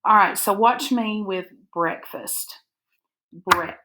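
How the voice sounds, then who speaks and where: A woman teacher, dictating spelling words and breaking them into syllables slowly and carefully for a recorded lesson. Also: on the low side, fairly bright tone. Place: recorded for an online video lesson.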